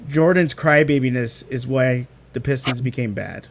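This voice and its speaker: A young man chatting as a guest, animated and fond of acting out what people said. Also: medium pitch, moderate pace, slight background noise. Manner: animated storyteller, acts out quotes. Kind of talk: casual chat.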